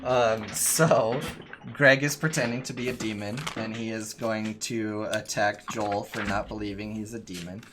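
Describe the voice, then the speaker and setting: A man running a tabletop game as game master, narrating in a halting way with many fillers and restarts. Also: on the low side, fairly even intonation, noisy background.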